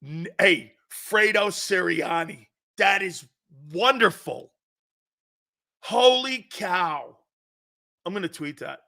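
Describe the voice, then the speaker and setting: A man's voice: high-pitched, expressive, very slow, creaky, long pauses, pushed and bright. A man hosting a sports talk show, ranting brashly with profanity and frequent laughter. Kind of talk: casual sports radio talk.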